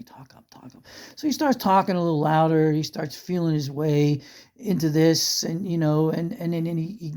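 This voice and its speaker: Mellow-voiced man telling a story. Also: fairly high pitch. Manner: conversational, rambling with restarts and asides; chuckles through funny moments. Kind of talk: spoken storytelling.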